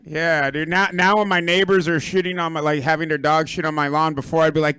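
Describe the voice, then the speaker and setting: A hoarse Puerto Rican-born man doing a rambling, profane stand-up set on a club stage, riffing with the crowd. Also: on the high side, normal speed, pushed and bright. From Puerto Rico. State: hoarse, lost his voice. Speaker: stand-up comedian.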